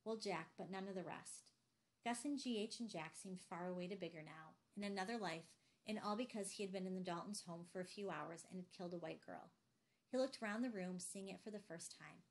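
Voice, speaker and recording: Woman narrating a novel, measured. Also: on the low side. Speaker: audiobook narrator. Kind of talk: scripted narration.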